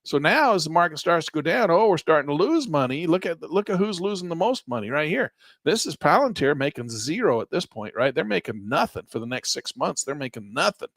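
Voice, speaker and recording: Give me a gravelly man running a live trading lesson, chatty and sarcastic, recorded dry. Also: on the high side, brisk, dry recording. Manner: animated, sarcastic, conversational. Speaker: trading instructor. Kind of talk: live trading training, screen walkthrough.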